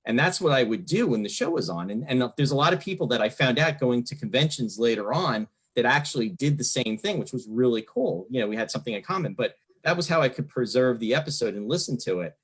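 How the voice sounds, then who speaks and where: A man's voice: medium pitch, animated, fast talker, few pauses, husky, low-quality recording. A man in his fifties from New Jersey hosting an interview, talking in a rambling, enthusiastic way as a longtime fan, with lots of fillers. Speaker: podcast host. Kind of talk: casual interview chat.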